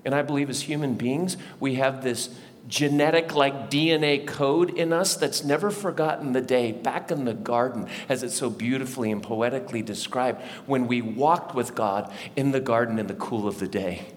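A man's voice: medium pitch, moderate pace. A middle-aged man, a lead pastor, preaching a sermon to a live congregation in a church, conversational and often asking the listeners questions. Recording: long hall reverb, faint background noise.

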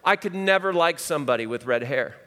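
Middle-aged male pastor, storytelling sermon, fairly high voice, echoing hall. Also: animated, a little fast. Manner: storytelling, swings from loud to hushed. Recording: hall reverb.

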